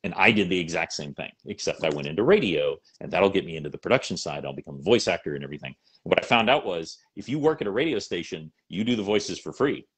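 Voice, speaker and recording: A middle-aged man and voice actor chatting in an interview, animated and rambling with lots of fillers. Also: sits low, fast talker, few pauses, breathy edge. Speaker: voice actor and salesman. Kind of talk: casual interview chat.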